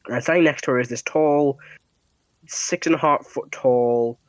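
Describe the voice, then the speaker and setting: A man's voice: medium pitch, measured pace, no echo. Male dungeon master, casual, loose narration, fillers, dry close sound. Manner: casual, laughing, describes scenes with fillers. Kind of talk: narrating a tabletop game.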